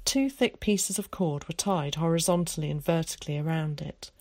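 A woman narrating a children's storybook aloud in a calm, even manner. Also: deep voice, moderate pace, dry recording. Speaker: audiobook narrator.

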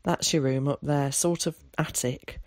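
A reader voicing a gruff, kind old countryman who speaks tersely in rural dialect, in an audiobook. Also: mid-range voice, fairly even intonation, a little slow, dry recording, clean studio sound, natural voice. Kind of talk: audiobook character voice.

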